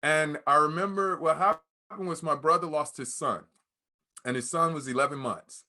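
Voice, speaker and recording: Speaking as a guest at a normal pace, this man has a voice on the high side. He tells a candid, emotional personal story in conversation, acting out the dialogue of the people involved.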